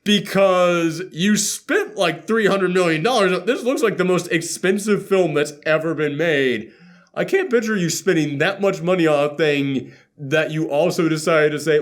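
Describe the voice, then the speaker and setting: A man hosting a casual movie reaction chat, sarcastic and laughing often as he acts out scenes in quick voices. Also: a little high. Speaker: podcast host.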